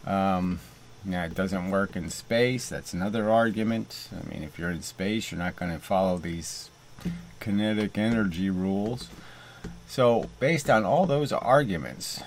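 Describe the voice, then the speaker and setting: A man's voice: sits low, unhurried, a little hiss or hum. A man hosting a casual video monologue and mock debate, rambling with many fillers and restarts. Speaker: host.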